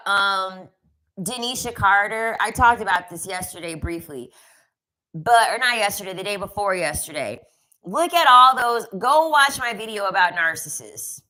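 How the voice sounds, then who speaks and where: A woman's voice: mid-range voice, pushed and bright, low-quality recording. A woman giving a casual commentary rant, sassy and emphatic, often repeating her lines for effect. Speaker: commentary vlogger.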